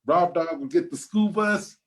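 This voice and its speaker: A man's voice: sits high, unhurried, low-quality recording. A man speaking as co-presenter, earnest and reflective, drawing out words for emphasis. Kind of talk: casual reflective talk.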